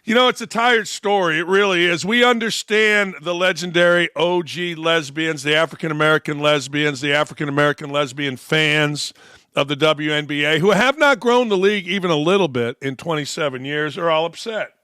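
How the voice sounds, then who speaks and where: A man's voice: fairly high pitch, a little fast, bright, forceful tone, clear, resonant tone, dry recording, studio quality. A man hosting a sports talk show, giving blunt, sarcastic and mocking opinion commentary.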